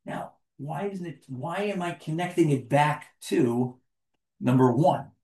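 A man with a fairly high voice leads a class, asking the group questions and joking with them as he explains. The sound comes from an echoey room. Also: measured pace, mellow. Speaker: teacher leading a class. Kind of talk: interactive class talk.

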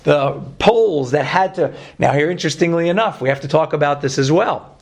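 Gravelly Brooklyn-accented Torah teacher. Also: male voice, on the high side, brisk. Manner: lively, asks the class questions, jokes. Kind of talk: teaching a class.

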